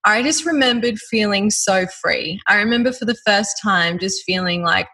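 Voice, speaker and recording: A woman in her thirties with an Australian accent, telling her personal story in a lively way and laughing often. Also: medium pitch, moderate pace, husky, low-quality recording.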